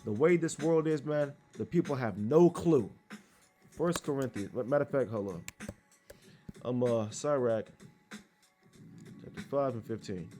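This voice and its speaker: A man delivers a rough, profane sermon, reading scripture aloud and scolding listeners without restraint. His voice sits at an ordinary middle pitch, with faint music playing underneath. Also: measured pace, pauses often, warm tone. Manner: blunt, crude, scolding, reads verses aloud. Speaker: street preacher.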